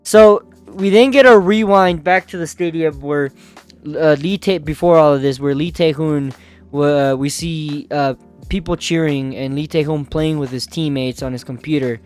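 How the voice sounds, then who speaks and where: A man with a smooth, resonant voice pitched a little high. He swears freely and laughs easily in a loose comic recap full of fillers. Light music plays underneath. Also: normal speed. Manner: profane, laughing, filler-heavy. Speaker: manhwa recap host. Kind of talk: casual comic recap commentary.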